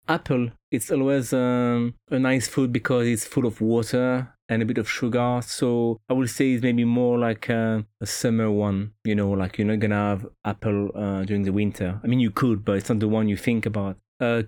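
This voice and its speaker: A man's voice: medium pitch, fairly even intonation, normal speed, darkish tone, clean tone, no echo, clean studio sound. Hesitant man with a French accent. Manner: hesitant, many fillers and restarts. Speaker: podcast guest. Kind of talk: casual chat.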